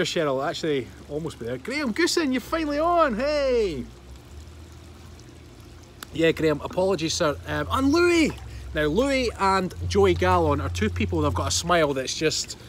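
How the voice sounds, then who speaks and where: By a pool outdoors, a man in his thirties from Scotland hosts a livestream in a medium-pitched voice with a Scottish accent. Slight background noise is audible as he chats casually, laughs often, and reads viewer comments aloud.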